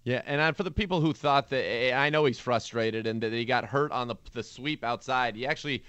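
A man hosts a sports talk radio show, walking listeners through plays and news in a brisk, informative manner. His voice is smooth and clear, recorded close and dry with no room sound, at an ordinary middle pitch. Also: fairly bright tone, dry recording, muffled recording.

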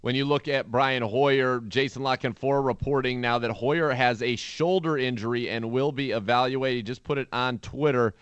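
A man hosting a sports talk radio show, recapping plays and news in a brisk, informative way. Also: medium pitch, steady tone, fairly bright tone, clear, resonant tone, no room sound, muffled recording.

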